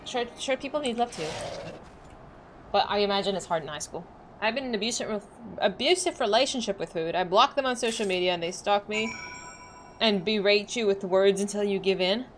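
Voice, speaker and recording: A woman's voice: medium pitch, brisk, soft background music. A young woman streamer chatting casually and rambling as she plays, full of likes and restarts. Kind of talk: casual chat while livestreaming a game.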